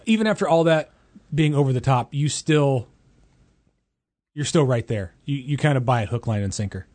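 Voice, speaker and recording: Guy in his 40s doing a movie podcast, lively up and down voice, dry close mic, swears a lot. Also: mid-range voice, normal speed, dry recording. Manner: animated, profane, ranting. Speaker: podcast co-host. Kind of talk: casual movie chat.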